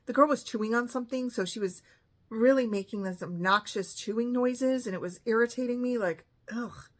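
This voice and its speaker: A woman in her fifties with a fairly high voice who rambles through a personal story. She sounds chatty and exasperated, and her telling is loose and conversational. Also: a little fast. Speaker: vlogger. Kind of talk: casual storytelling monologue.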